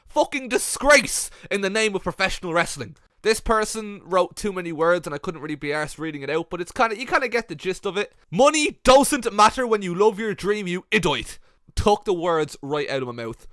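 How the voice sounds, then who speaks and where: A young man reading out viewer comments with sarcastic, mocking, deadpan commentary for a comedy video. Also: a little high, dry recording, clean studio sound. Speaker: YouTube commentator.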